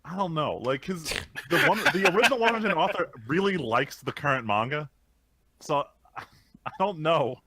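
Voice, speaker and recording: A man's voice: fairly high pitch, expressive, normal speed, sharp tone. A man co-hosting a casual podcast, ranting and explaining at length with some swearing. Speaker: podcast co-host. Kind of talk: casual chat.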